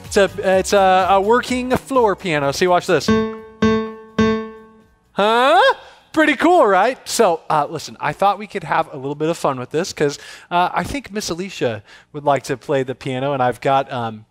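A man's voice: high voice, very animated, moderate pace, over music. A man hosting an online kids church show from a theater stage, upbeat and playfully teasing. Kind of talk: presenting to children.

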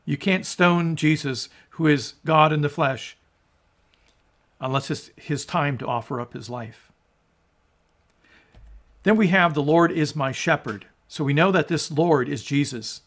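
A man preaching as a pastor, reading scripture aloud and explaining it in an earnest sermon, often restarting words and dropping low at the ends of phrases. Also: unhurried, long pauses, fairly bright tone. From United States. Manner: earnest, rises in emphasis on quotes, drops low at phrase ends.

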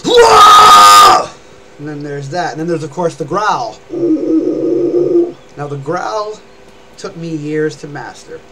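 A man's voice: on the high side, measured pace, pauses often, heavy background noise. A young man streaming live and chattily explaining how to scream and growl, rambling and demonstrating as he goes. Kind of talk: casual live-stream vocal lesson.

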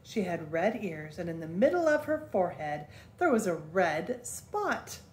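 Older woman, grandmother, reading aloud, gentle storybook telling, even pace. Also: on the low side, a little slow, roomy sound, a little hiss or hum. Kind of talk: reading a children's book aloud.

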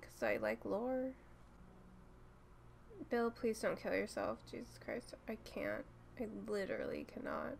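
High, swearing woman yelling at the screen. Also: creaky. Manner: profane, talks back at the screen. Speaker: reaction video host. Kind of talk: emotional TV episode reaction.

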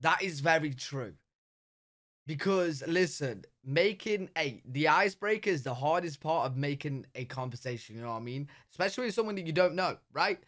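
Brit dude reacting to a vid, lots of yo and bro, kinda high voice. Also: male voice, lively intonation, moderate pace, fairly bright tone. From Britain. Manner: chatty, slangy, says bro and yo a lot. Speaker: reaction channel host. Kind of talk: casual reaction commentary.

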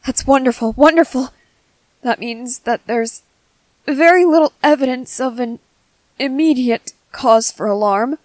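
A woman's voice: sits high, measured pace, no room sound, poor audio. Woman voicing a fretful young soldier boy, whispered role-play. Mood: worried. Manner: soft, fretful, over-apologetic. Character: anxious young male soldier, gentle medic.

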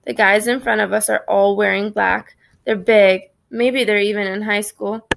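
Gravelly-voiced woman reading a story. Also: mid-range voice, fairly even intonation, moderate pace, slight background noise. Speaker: audiobook narrator. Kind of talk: first-person storybook narration.

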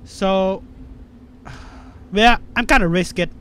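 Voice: high-pitched, expressive, moderate pace, crowd noise. A gamer giving frantic, panicky commentary on a horror game, swearing constantly. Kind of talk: let's play commentary.

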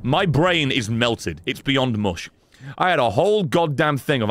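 Excitable swearing gaming streamer, lively pitch. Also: male voice, moderate pace, gravelly. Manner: sarcastic, excitable, swears a lot, talks back to the game. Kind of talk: casual let's-play commentary.

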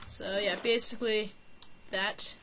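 A woman chatting through a block-building game session in a playful, rambling way, cracking jokes at her own expense and giggling between thoughts. Her voice sits at an ordinary middle pitch. The home mic picks up a clear hiss along with the clicking of a keyboard. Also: fairly even intonation, unhurried. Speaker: gameplay commentator. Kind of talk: casual let's-play commentary.

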